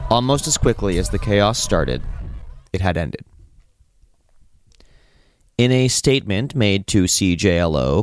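A man's voice: lowish voice, dry recording, clean studio sound. Man reading radio news. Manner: steady, measured newsreading. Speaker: campus radio news reporter. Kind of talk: read news report. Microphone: studio microphone.

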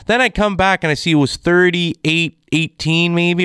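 A man rants about the week in sports, exasperated and emphatic. His voice sits a little high for a man and sounds smooth and clear. The sound is dry and close, with no room around it. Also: moderate pace, few pauses, fairly bright tone, no echo. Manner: exasperated, ranting. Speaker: sports commentator. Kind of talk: casual sports rant.

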